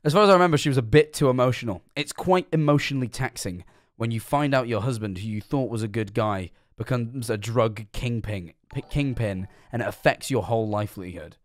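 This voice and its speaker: A man's voice: medium pitch, brisk, dry recording, clean studio sound. A young man casually commenting while reacting to a video, chatty and self-mocking, stumbling over words.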